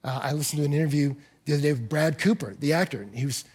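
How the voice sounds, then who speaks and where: Husky high-voiced man preaching a sermon. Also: rapid-fire. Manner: animated storyteller, acts out dialogue in quotes. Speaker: pastor.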